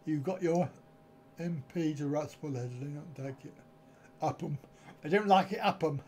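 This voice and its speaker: A man's voice: fairly high pitch, moderate pace, darkish tone, a little hiss or hum. A middle-aged man, hosting a casual live stream with jokey, chuckling banter from home. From United Kingdom.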